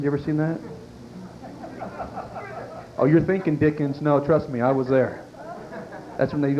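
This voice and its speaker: A male comedian, doing a crude, self-mocking stand-up routine and talking to the club crowd. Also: mid-range voice. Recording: dull lo-fi 1990s club tape. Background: audience laughter and faint room noise.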